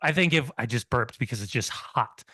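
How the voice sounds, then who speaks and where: A man's voice: mid-range voice, lively intonation, normal speed, sharp tone, dry recording. A man with a mid-range voice co-hosts a football podcast, setting out earnest analysis. His mouth is burning and he is sweating, so he talks with strain. The sound is dry and close-miked. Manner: earnest and analytical, pained by hot sauce. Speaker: podcast co-host. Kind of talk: casual football chat.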